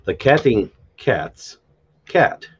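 A man hosting an unscripted live stream, explaining word endings in a halting way with many fillers and restarts, often spelling words out letter by letter. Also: medium pitch, sing-song, lo-fi sound, very noisy. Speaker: live stream host explaining a constructed language.

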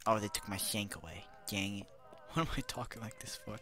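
A young man giving goofy, playful commentary over a video game, chatting to the characters and swinging between loud outbursts and hushed whispers. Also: fairly low pitch, brisk, soft background music. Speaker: gaming commentator.

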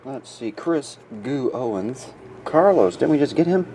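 A sleepy man with a runny nose narrates a box break in a casual, murmuring way, calling off names and chatting between them. His voice sits at an ordinary middle pitch, and a faint hum of room noise runs underneath. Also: animated, unhurried, warm tone. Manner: reads out names in a low murmur, chatty asides. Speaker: card breaker.

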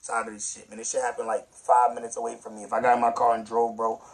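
A man's voice: medium pitch, fast. Slangy New man ranting. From New York. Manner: slangy, animated, swings from soft to loud. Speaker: vlogger reacting to news. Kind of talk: casual street-talk commentary.

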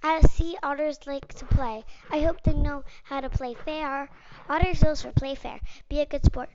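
A woman reading a children's picture book aloud in a gentle, playful read-aloud manner. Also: high-pitched, steady tone, normal speed. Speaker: storyteller. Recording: muffled lo-fi recording with clear background noise.

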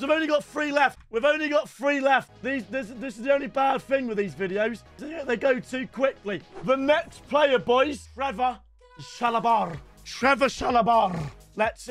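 Excitable sweary gaming lad. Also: male voice, extremely high pitch. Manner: loud, sweary, banters with viewers as lads. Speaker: gaming YouTuber.

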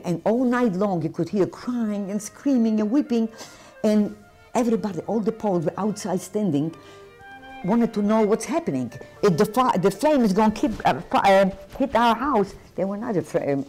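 An older woman giving emotional personal testimony as a Holocaust survivor, speaking in a halting, intense way. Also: lowish voice, warm tone.

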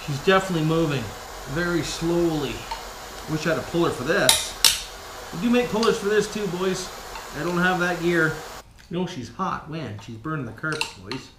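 Man, casual DIY vlogger, salty and folksy, lively sing-song delivery, echoey shop with loud clanking tools. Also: on the high side, normal speed, noisy background. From Canada. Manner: folksy, swears a lot, keeps calling viewers "boys". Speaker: vlog host rebuilding an engine. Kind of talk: casual workshop vlog. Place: home workshop, working with tools. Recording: echoey room with loud tool clatter.

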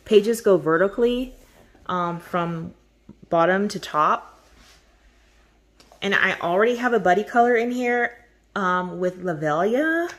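A woman's voice: medium pitch, measured pace, pauses often. A woman hosting a coloring channel, chatting casually and gushing over her birthday gifts with frequent laughter. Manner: gushing, effusive, laughs often.

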